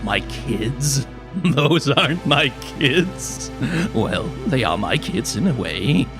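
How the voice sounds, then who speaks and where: A man voicing a sadistic male cult leader, a former minister turned monster, in a lower, softer voice. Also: big pitch swings, takes it slowly, over music. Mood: menacing. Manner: dastardly, sadistic and gloating.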